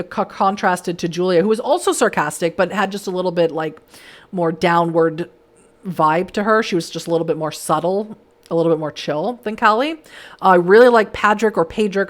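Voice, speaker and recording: A woman streamer chatting with her viewers at the end of a stream, enthusiastic and full of fillers and restarts. Her voice is hoarse and worn, as if it is about to give out. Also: fairly low pitch, fairly quick. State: hoarse, voice giving out. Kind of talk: casual livestream chat.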